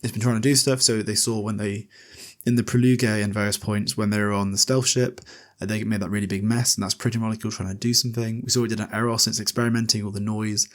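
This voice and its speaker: A man's voice: lowish voice, little pitch movement, quick pace. A man hosting a podcast, casually recapping a book chapter in a loose, chatty way with lots of fillers and the odd swear. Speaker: podcast host.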